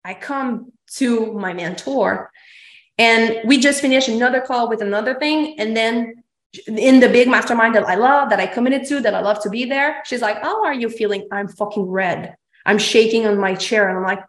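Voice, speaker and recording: A woman's voice: a little high, moderate pace. A woman hosting a podcast, telling her story in a candid, emphatic way, swearing freely and acting out the things she said. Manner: emphatic, swears freely, acts out her own past lines. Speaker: podcast host. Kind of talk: candid confessional chat. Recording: roomy echo.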